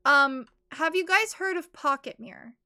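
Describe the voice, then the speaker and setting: Here a young woman streams live gameplay, offering casual commentary at a normal speed. Her high, bright voice stays crisp and cheerful as she chatters excitably, wanders off topic and lets out squealing giggles.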